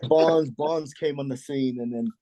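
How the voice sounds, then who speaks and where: A man co-hosting a casual sports podcast, speaking in a halting way with many restarts. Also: medium pitch, warm tone, dry recording. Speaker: podcast co-host. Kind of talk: casual chat.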